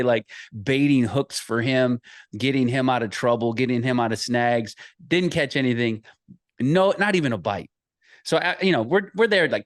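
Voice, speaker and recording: A man in his thirties speaks at a mid-range pitch, earnest and conversational as he shares a personal story. His delivery gets animated during the story and is full of small restarts. The sound is close and dry. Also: no room sound. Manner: earnest, animated when telling stories, frequent restarts. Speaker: associate pastor and author.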